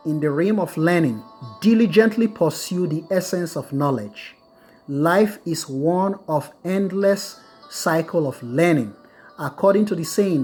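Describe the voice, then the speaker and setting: A middle-aged man with a fairly high voice delivers a lecture. He repeats key phrases slowly so his students can note them down. Faint music sits behind his voice. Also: a little mellow, breathy edge. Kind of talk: recorded lecture on Buddhist wisdom.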